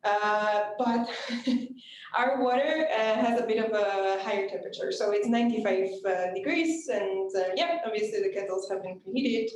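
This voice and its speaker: A woman's voice: mid-range voice, moderate pace, darkish tone. A woman hosting a live online coffee cupping, chatting and explaining the steps with fillers and laughs. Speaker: cupping session host. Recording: echoey room with faint noise.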